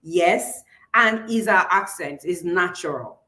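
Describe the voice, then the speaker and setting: A woman's voice: lowish voice, slow pace, bright, forceful tone. A woman with a Nigerian accent teaching a live online public speaking class, encouraging listeners and repeating key points.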